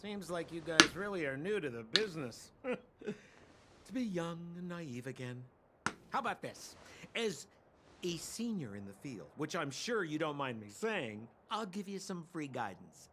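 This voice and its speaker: An actor playing a sly, talkative male smuggler guide in a game cutscene, with smooth salesman patter. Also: fairly high pitch, very animated, measured pace, noisy background.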